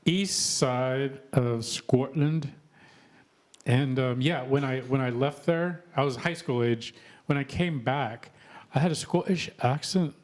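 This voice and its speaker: A chatty man in his fifties hosts a laid-back live-stream interview, joking and laughing between questions. He grew up in Texas, and his voice sits at an ordinary middle pitch. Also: slow. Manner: laughs often, chatty and punchy. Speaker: host.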